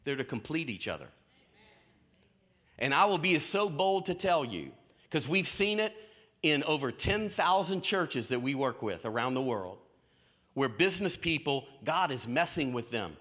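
A man preaching a sermon in a lively storytelling way, with folksy Southern phrasing. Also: a little high, moderate pace. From American South. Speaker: pastor. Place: church stage.

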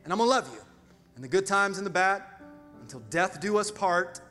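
A middle-aged male pastor preaching a sermon with call-and-response asides and sudden swings from quiet to loud. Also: sits high, expressive, brisk. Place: large church hall. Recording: reverberant church hall with music.

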